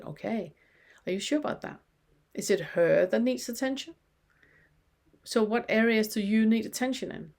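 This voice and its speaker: A woman giving a spoken spiritual lesson in a calm, reflective way, posing many rhetorical questions to the listener. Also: mid-range voice, normal speed, vocal fry. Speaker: spiritual teacher.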